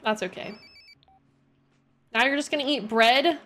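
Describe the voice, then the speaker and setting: A young woman with a slightly high voice chats her way through a gaming stream. She keeps up a loose, expressive running talk, scolding her characters and musing to her viewers between moments of play. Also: measured pace. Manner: chatty and expressive, talks to her game characters. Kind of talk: casual gameplay chat.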